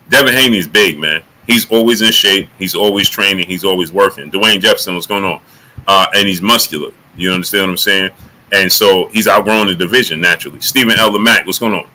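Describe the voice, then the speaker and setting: A bright, forceful man's voice, chatting loosely about boxing on a livestream. He calls out viewers by name and often leaps up high in excitement. A faint hiss sits under the recording. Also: rough recording. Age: adult. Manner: animated, rising to high excited exclamations when joking. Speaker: livestream host. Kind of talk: casual boxing talk livestream, greeting chat.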